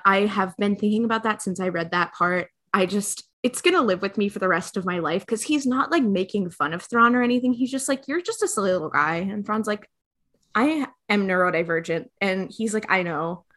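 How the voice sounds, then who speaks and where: A woman's voice: mid-range voice, a little fast, a bit bright. A woman in casual chat, earnest and enthusiastic, with many fillers. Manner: earnest, enthusiastic fan talk.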